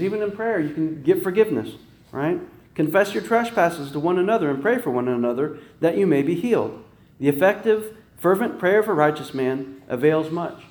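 A man's voice: high voice, a little mellow. Man preaching casually in an echoey room. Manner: conversational, frequent "right?" and restarts. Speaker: pastor. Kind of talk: informal sermon.

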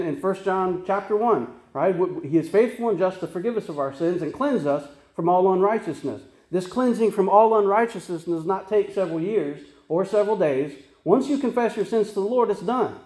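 A man's voice: high voice, a little mellow, reverberant. A man preaching a sermon as pastor, earnest and conversational, with frequent restarts and tag questions.

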